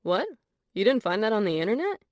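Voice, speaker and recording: A woman voicing a confident, flirtatious wealthy man in an audiobook, speaking low and measured. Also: big pitch swings, no room sound, studio quality, lightly acted. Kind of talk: audiobook character voice.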